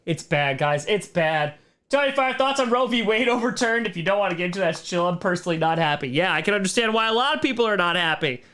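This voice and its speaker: A man's voice: high voice, expressive, quick pace, pushed and bright. A man hosting a casual livestream Q&A, rambling, breaking off mid-sentence and laughing often, turning earnest when he gives his opinions. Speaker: streamer host.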